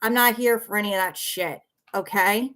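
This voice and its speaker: A woman's voice: mid-range voice, steady tone, moderate pace, fairly bright tone. A worn-out woman ranting defensively on a livestream, blunt and swearing, repeating herself as she answers viewers. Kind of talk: heated livestream rant.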